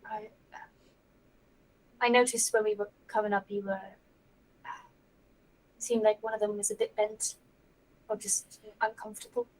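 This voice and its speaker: A woman playing a shy, gentle young adventurer, soft and hesitant. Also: medium pitch, flat delivery, measured pace, pauses often, natural voice, poor audio. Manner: soft, hesitant, half-whispered.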